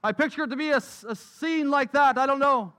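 A man's voice: very high-pitched, a little fast, bright, forceful tone. A man preaching a sermon, telling stories emphatically and repeating key phrases. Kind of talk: sermon storytelling.

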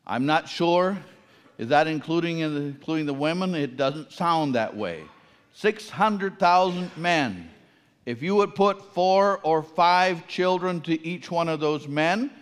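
A man's voice: a little high, in a large hall. A man preaching a sermon, asking his listeners questions and repeating key phrases for emphasis.

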